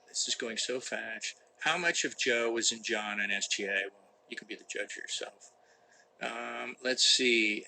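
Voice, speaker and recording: A man's voice: mid-range voice, normal speed, creaky, bright, forceful tone, a little hiss or hum, low-quality recording. A middle-aged man chatting live from a room, reading fan questions aloud and answering with mock-serious jokes. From United States. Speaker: actor hosting a live Q&A. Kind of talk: casual live-stream chat. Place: indoor room with a window that does not open.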